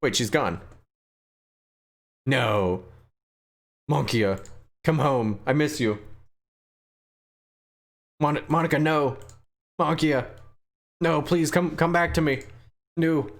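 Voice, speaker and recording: A man's voice: fairly high pitch, takes it slowly, pauses often. Joking young man streaming a game. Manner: joking, playful, talks to chat. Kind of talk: casual gameplay commentary.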